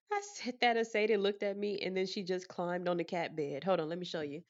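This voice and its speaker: Lively woman chatting at home. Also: lowish voice, highs cut off. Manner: animated, laughing storyteller. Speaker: vlogger. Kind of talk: casual chat to camera. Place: her apartment, indoors.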